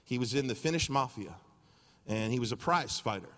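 A male pastor preaching a sermon and telling a story with lively energy. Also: mid-range voice, fairly quick. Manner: animated storytelling. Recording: long reverb of a large hall.

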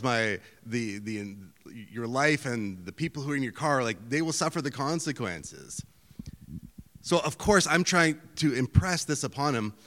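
A middle-aged man preaching a sermon in a conversational, self-deprecating storytelling manner, with lively outbursts. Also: medium pitch. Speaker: pastor. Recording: hall reverb.

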